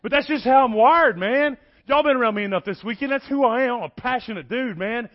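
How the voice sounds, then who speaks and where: Texan male preacher, middle-aged, high-pitched, animated and folksy, slightly dull lo-fi sound. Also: brisk. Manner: folksy, animated, joking with the crowd. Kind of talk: energetic sermon. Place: church.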